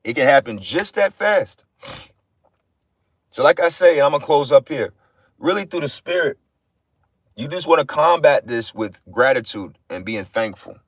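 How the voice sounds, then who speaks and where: A man's voice: fairly high pitch, animated, unhurried, long pauses, no room sound. Blunt, profane man preaching. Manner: repeats phrases for emphasis. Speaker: livestream preacher. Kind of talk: informal livestream sermon.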